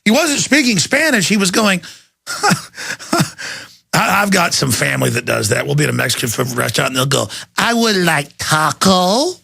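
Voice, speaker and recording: A man's voice: a little high, quick pace, vocal fry, hardly any pauses, sharp tone, husky, no echo, clean studio sound. A man hosting a talk radio show, ranting in a fired-up, sarcastic way. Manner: fired-up, sarcastic, mimics others. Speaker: radio host.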